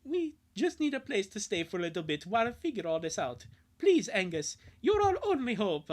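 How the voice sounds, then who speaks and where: A woman's voice: mid-range voice, sing-song, a little fast, darkish tone, voice pushed up. A woman voicing an earnest young boy on the run, asking for help in a pleading tone during a fan reading.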